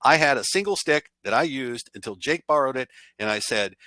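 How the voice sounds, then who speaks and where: A man's voice: medium pitch, lively intonation, brisk, bright, forceful tone, no room sound. A man presenting a cybersecurity awareness training in a conversational style, giving blunt, emphatic warnings.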